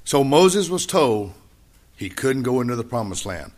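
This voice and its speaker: A man preaching a sermon, repeating key phrases and swinging between loud high emphasis and quiet low asides. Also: very animated, measured pace. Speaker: pastor.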